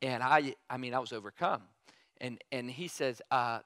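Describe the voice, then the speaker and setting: A man's voice: mid-range voice, moderate pace, a bit bright, dry recording. A man in his thirties preaching a sermon, telling personal stories in a conversational way and often putting questions to the congregation.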